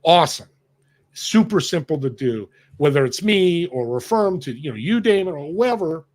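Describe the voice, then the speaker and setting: Guy on a podcast, kinda high voice, animated storyteller, acts out the convos. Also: normal speed. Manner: animated, emphatic storyteller who acts out dialogue. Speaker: podcast guest. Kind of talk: storytelling in conversation.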